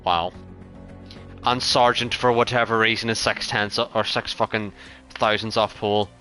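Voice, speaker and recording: A man live-streaming a racing game, talking to his chat, excitable and foul-mouthed, swinging from yelling to muttering. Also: lowish voice, moderate pace, clean tone, soft background music. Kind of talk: live gaming commentary to chat.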